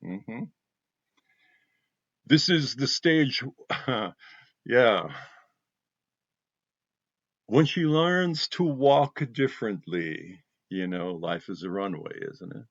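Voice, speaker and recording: A man's voice: mid-range voice, animated, drawn-out words, pauses often, no room sound. A man hosting a heartfelt spiritual talk for his viewers, speaking emotionally and with passion, and repeating phrases for emphasis. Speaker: spiritual channel host. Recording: dull dry lo-fi sound.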